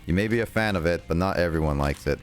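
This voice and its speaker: A man's voice: low-pitched, fast talker, faint music behind. A young man streaming a game, chatting casually with viewers in a rambling way and laughing often. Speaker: gaming livestreamer. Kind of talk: casual livestream chat with viewers.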